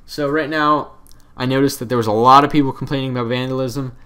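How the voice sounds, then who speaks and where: Brief: young male let's player, mid-pitched, offhand and self-deprecating, wanders off topic. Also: fairly even intonation, quick pace, bright, forceful tone. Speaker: let's play commentator. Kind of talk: casual gaming commentary.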